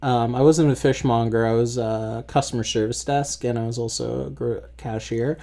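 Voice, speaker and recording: A man's voice: medium pitch, fairly even intonation, normal speed, gravelly, dark tone. A young man co-hosting a podcast, chatting casually and profanely, saying "dude" a lot. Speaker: podcast co-host. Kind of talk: casual chat.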